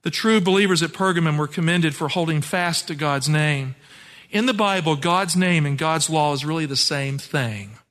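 High-voiced pastor preaching in a hall. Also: male voice, normal speed, fairly bright tone. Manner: earnest, emphatic preaching with Bible citations. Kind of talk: sermon.

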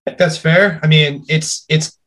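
A man co-hosting a sports podcast over a video call, giving his opinions in a relaxed conversational way. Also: on the high side, slow. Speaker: podcast co-host. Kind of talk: casual sports podcast chat.

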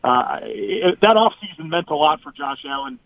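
A man giving measured football analysis as a guest on a sports radio show, heard over a phone line. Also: a little high, animated, dry recording. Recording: tinny phone line, dry.

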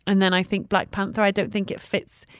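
A woman's voice: mid-range voice, level tone, fairly quick, dry recording, clean studio sound. A woman co-presenting a radio show, chatting in a self-deprecating, hesitant way. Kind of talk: casual radio chat.

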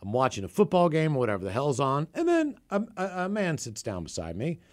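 A man's voice: mid-range voice, huge pitch swings, fast talker, a little mellow. A man from the Seattle area, co-hosting a podcast, telling a profane, rambling story in casual chat. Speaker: podcast co-host.

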